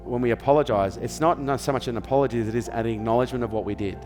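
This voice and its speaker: A very fast-talking Australian man with a mid-range voice coaches listeners on parenting, drawing on his business coaching, in an interview-style clip. He's emphatic and repetitive, forever checking in with "okay?" and "does this make sense?" Long reverb and soft background music accompany him.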